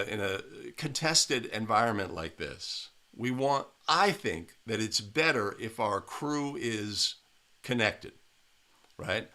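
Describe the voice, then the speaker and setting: Bright-voiced man coaching officials. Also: medium pitch. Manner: emphatic, coaching tone with frequent "right?". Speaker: basketball officiating instructor. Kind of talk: video analysis commentary.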